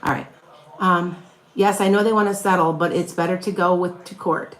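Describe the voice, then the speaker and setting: A woman's voice: lowish voice, steady tone, moderate pace, echoey room. A middle-aged woman from near Chicago with a slight Wisconsin accent, a psychic chatting casually and rambling through live readings for viewers. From northern Illinois, near Chicago. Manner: chatty, rambling, with frequent restarts and laughs. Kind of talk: casual live-stream chat answering viewer questions.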